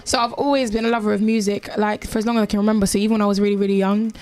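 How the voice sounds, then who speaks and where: A Jamaican-born woman in her twenties with a South London accent, a musician chatting in a casual radio interview, animated and full of slang. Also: medium pitch, very fast. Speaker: musician guest.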